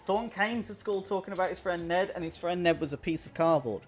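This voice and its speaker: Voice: mid-range voice, fairly quick. A streamer chatting casually while playing a video game, rambling and laughing often. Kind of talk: casual live-stream chat. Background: faint in-game music.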